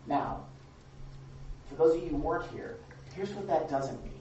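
A woman's voice: deep voice, normal speed, pauses often, dark tone. A woman preacher giving a candid, conversational sermon with frequent restarts, recorded from a distance in a church hall. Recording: echoey dull recording from a distance.

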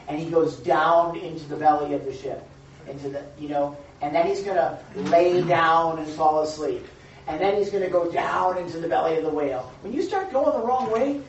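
Male pastor mid-sermon, emphatic and animated, with a dull, faintly noisy church recording. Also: fairly high pitch. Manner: animated, emphatic preaching with repeated words. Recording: echoey hall from a distant, dull mic.

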